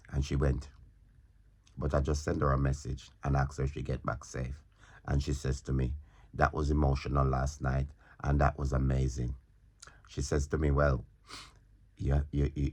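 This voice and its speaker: A man's voice: extremely low pitch, darkish tone, husky. A male comedian telling a rambling comic story in a casual way, repeating himself and stumbling over his words.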